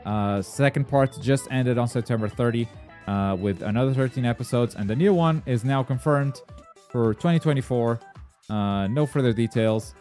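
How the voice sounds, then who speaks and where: A man hosting a gaming and anime news stream in casual chat. He rambles excitably, with plenty of filler words and blunt swearing. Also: medium pitch, normal speed, soft background music.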